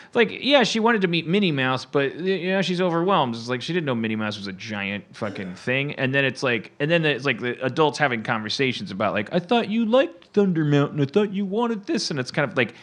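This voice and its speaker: A man hosts a comedy podcast, talking fast at a medium pitch with hardly any pauses. In casual chat, he tells rambling, profane stories in an animated way.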